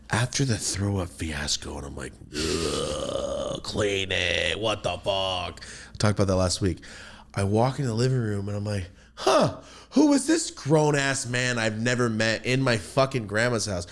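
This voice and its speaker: A man's voice: measured pace, gravelly. A man casually telling a profane story, jumping into quoted voices. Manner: animated, profane, jumps into high-pitched quoted voices.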